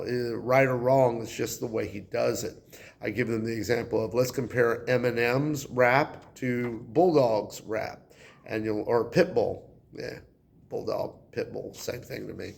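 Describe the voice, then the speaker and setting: Gravelly-voiced male teacher from Texas. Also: mid-range voice. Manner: relaxed, conversational, with fillers. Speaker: high school English teacher. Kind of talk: classroom lesson explanation.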